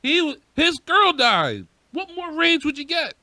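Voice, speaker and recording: A man co-hosting a podcast, ranting in a profane, slangy, animated way during casual chat. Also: very high voice, unhurried, no room sound. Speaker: podcast co-host.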